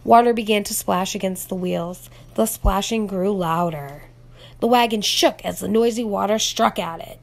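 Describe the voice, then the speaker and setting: A woman reading a children's storybook aloud, gentle and expressive, dropping to a whisper at tense moments. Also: mid-range voice, moderate pace, gravelly. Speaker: storybook reader. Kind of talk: children's read-aloud narration.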